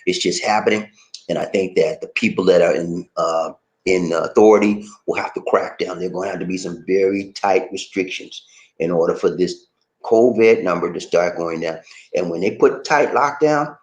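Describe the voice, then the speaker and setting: A man hosting a casual livestream from the Philippines, reading out viewer comments and chatting in an animated way that jumps up into high excited shouts. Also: a little fast. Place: home in the Philippines.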